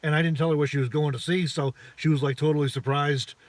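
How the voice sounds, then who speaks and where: A man's voice: a little high, fairly even intonation, quick pace, no echo. A man co-hosting a casual chat, telling a story in a dry way. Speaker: co-host.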